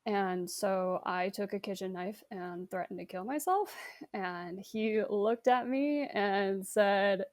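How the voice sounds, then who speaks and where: A young woman in an interview recounting a personal ordeal, halting, with restarts and nervous laughs. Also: medium pitch. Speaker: interview guest recounting abuse.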